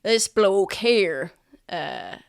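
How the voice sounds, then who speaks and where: A woman's voice: medium pitch, lively intonation, very slow, gravelly, no room sound, studio quality, exaggerated voice. A woman voicing a suspicious male road guard, blunt and questioning. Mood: probing.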